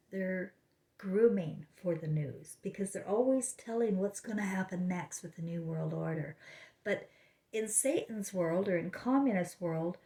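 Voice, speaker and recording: A woman's voice: mid-range voice, unhurried, a little mellow. A woman vlogging at home, talking in a meandering way with many fillers and restarts. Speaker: spiritual vlogger. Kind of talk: rambling casual monologue. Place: home, living room. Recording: roomy echo.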